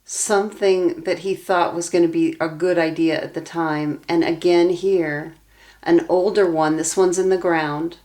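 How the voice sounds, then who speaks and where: Young woman tarot reader, low and steady pitch, earnest, personally invested delivery. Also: measured pace. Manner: earnest, emotionally invested, talks through cards aloud. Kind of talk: tarot reading monologue.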